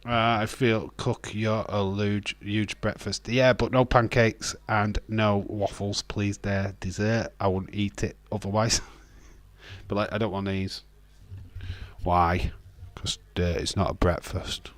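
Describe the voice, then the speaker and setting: Taking his time, this British man talks in a lowish, level voice, and there's no room sound. He's hosting a livestream and bantering with his chat in a joking, ranting way, with laughs.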